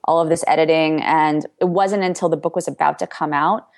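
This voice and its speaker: A woman guest author answering interview questions in a relaxed, hesitant way, with many "um"s. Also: low voice, brisk.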